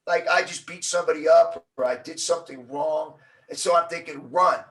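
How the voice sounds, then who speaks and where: A middle-aged man telling a story as an interview guest, acting out the quotes with lively energy. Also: fairly high pitch, a little fast, distant mic, poor audio. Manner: animated storyteller, acts out quotes.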